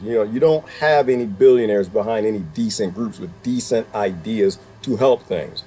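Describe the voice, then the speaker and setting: Animated, emphatic man, dark voice. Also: mid-range voice, breathy edge. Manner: animated, emphatic, rhetorical questions; colloquial, laughs while talking. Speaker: vlogger commenting on a clip. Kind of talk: casual reaction commentary.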